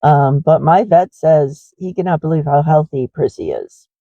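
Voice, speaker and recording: A woman's voice: sits low, normal speed, no room sound, narrow, tinny audio. A middle-aged woman who runs a horse ranch, rambling in a confessional way with many fillers in a casual walking vlog.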